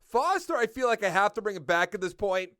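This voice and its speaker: High, lively man with a Boston accent. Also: a little fast, no echo, studio quality. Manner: thinking aloud while ticking through stats and numbers. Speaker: gaming video creator. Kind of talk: casual gameplay commentary.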